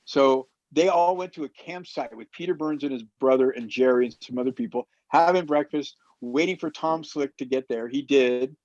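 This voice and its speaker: A man telling a long anecdote in casual talk, animated and acting out the quoted people as he goes. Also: mid-range voice, moderate pace, few pauses, no echo. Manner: animated storyteller who acts out quotes. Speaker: roundtable guest. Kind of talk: casual storytelling. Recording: dull muffled dry sound.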